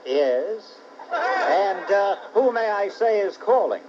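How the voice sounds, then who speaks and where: A man's voice: high voice, sing-song, slow, darkish tone, a little hiss or hum. A man doing a comic radio bit, brash and mocking, needling with repeated jabs. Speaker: comedian guest. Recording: dull lo-fi talk radio recording.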